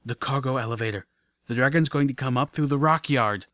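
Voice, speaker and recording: A man's voice: mid-range voice, a little fast, fairly bright tone, dry recording, close to an everyday voice. A man reading an audiobook voices a determined young female pony, urgent and breathless.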